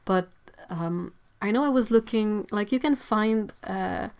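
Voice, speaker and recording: A young woman with a stuffy nose chats away on a livestream from her home art studio. Her voice sits at an ordinary middle pitch, and she giggles often and drifts into quiet asides between reading out viewer comments. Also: a little slow. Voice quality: chatty, giggly, trails off into soft asides. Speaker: livestream host.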